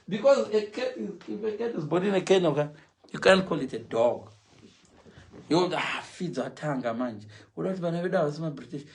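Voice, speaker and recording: A middle-aged man from Zimbabwe with a Zimbabwean English accent, telling comic stories on a livestream in an animated way, mimicking other people's voices and laughing along. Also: a little high, fairly quick, gravelly. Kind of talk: animated comic storytelling, switching between Shona and English.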